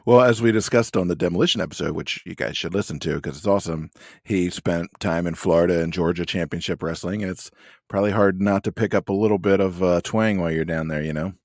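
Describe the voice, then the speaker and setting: A man's voice: deep voice, fast talker, a little mellow, no echo. A man co-hosting a podcast in casual chat, rambling with dry humor. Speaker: podcast co-host.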